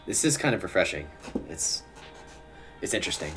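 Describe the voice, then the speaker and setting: A man's voice: deep voice, very animated, moderate pace, a bit bright. A young man streaming, giving casual commentary while he plays, muttering to himself and chuckling often. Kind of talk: casual live gameplay commentary. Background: faint music.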